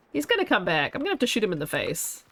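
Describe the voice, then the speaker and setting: A woman's voice: medium pitch, wildly swooping pitch, brisk, fairly bright tone, slight background noise. A woman, chatting casually and laughing often while streaming a game. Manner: chatty, laughs often, wanders between asides. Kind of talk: casual gameplay commentary.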